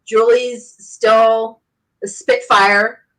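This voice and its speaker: A woman hosts a casual interview and gushes like a fan, quick to laugh along with her guest. Her voice sits a little high for a woman. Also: little pitch movement, fairly bright tone, slight background noise, low-quality recording. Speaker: host. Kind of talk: casual chat.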